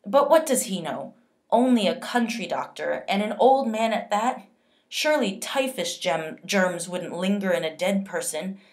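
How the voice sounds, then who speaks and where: A woman reading as a quick-witted mother. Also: medium pitch, natural voice. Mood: falsely bright. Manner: calm, then falsely eager and chatty. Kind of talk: reading a novel aloud.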